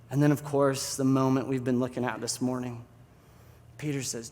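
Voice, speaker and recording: A pastor giving a sermon, telling a story in an animated, conversational way. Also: male voice, medium pitch, moderate pace, long reverb tail.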